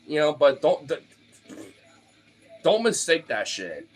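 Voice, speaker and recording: A man's voice: sits high, expressive, moderate pace, long pauses, faint music behind. A man streaming to his followers in a casual, rambling rant, swearing freely, leaning on fillers and often laughing. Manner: profane, loose, filler-heavy with frequent laughs.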